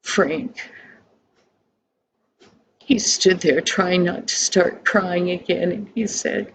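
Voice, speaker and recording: Older woman storyteller, really slow, soft hushed voice, telling a kids' story. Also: lowish voice, fairly even intonation, a little hiss or hum, poor audio. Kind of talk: storybook narration.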